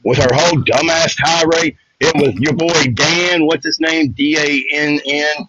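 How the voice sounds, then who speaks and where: A man's voice: fairly high pitch, fairly even intonation, measured pace, highs cut off, over a noisy crowd. A man on a live panel, trading insults combatively through a mic that distorts. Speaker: panel participant. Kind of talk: heated argument. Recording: distorted loud mic with hiss.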